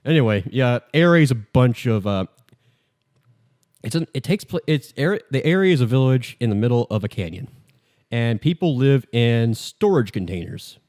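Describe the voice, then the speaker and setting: A man's voice: medium pitch, expressive, moderate pace, a little mellow. A man with a mid-range voice talks through a game's story for his podcast. He rambles, cracks jokes and fills gaps with plenty of "uh" and "like". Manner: rambling, jokey, many fillers. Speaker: podcast host. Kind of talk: casual game recap.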